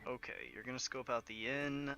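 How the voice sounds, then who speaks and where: A man narrating as game master in a relaxed, hesitant way with frequent fillers. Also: mid-range voice, normal speed, vocal fry, dull audio, soft background music.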